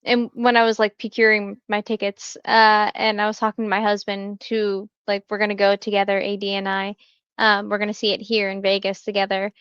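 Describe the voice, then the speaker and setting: A woman's voice: mid-range voice, monotone, a little fast, a bit bright, smooth, no room sound, muffled recording. A young woman co-hosting a casual fan podcast, chatty and full of fillers as she talks. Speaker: podcast co-host.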